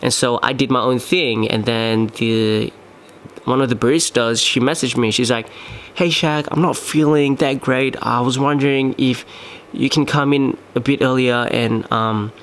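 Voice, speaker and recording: Young man, podcast host, loose rambling delivery, mid-pitched, faint noise behind. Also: fairly even intonation, unhurried. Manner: rambling, many fillers and restarts. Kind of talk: casual solo storytelling.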